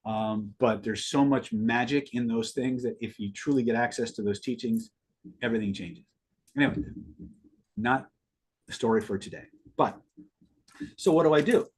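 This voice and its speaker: A man's voice: medium pitch, moderate pace, pauses often, husky. A middle-aged man hosting a live stream, telling a rambling personal story in casual talk and repeating words as he goes. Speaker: host answering live viewers.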